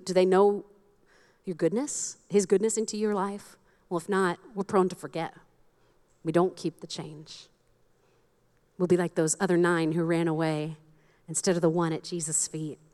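A woman's voice: lowish voice, a little mellow. A woman pastor preaching a sermon, candid and self-deprecating, often laughing at herself.

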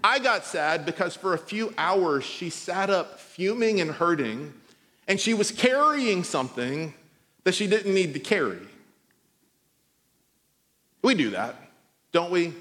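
A man with a high-pitched voice preaches to his congregation. His talk is loose and conversational, and he slips easily into funny stories. The sound carries the long reverb of a church hall. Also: sing-song, measured pace, pauses often, fairly bright tone. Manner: conversational, storytelling with humor. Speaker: pastor. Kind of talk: sermon.

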